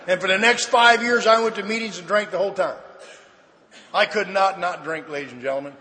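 A middle-aged man sharing his story with a live audience at a recovery meeting, a folksy comic storyteller with dry deadpan asides. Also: high-pitched, a little fast. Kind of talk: humorous personal testimony to an audience. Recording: reverberant hall, faint background noise.

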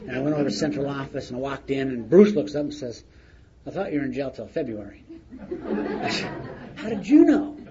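This middle-aged man tells his recovery story at a meeting share in a plain-spoken, storytelling style, chuckling as he goes. He has a mid-range voice and a quick pace, and the lo-fi recording is muffled with faint noise.

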